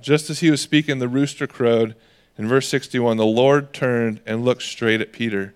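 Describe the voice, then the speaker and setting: A man's voice: medium pitch, normal speed, clear, resonant tone. A man preaching a sermon in a conversational way, acting out the voices of people in the stories he tells. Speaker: pastor.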